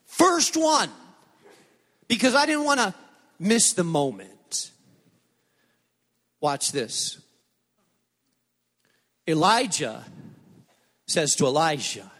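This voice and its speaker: A middle-aged man preaching a sermon as a pastor, telling stories with animated, emphatic repetition. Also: sits high, extremely slow, pauses often. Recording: long reverb of a large hall.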